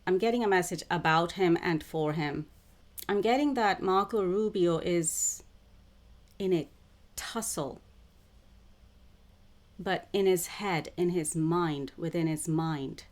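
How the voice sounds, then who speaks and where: A woman talking to camera as a self-described psychic channeler. Her voice sits on the low side, and she speaks very slowly and deliberately, repeating phrases as she goes. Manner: slow, repetitive, deliberate phrasing. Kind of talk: spiritual monologue to camera.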